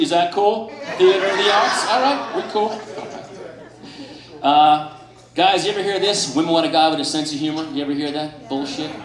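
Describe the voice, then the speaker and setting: A man's voice: fairly high pitch, distant mic. Man ranting stand-up in a roomy club. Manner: profane ranting punchlines. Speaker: stand-up comedian. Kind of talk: stand-up comedy set. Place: comedy club stage before a laughing audience. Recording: roomy live club audio from afar.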